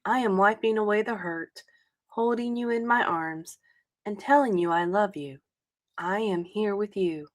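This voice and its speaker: A woman reading a sentimental passage aloud in a soft, tender, measured way. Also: mid-range voice.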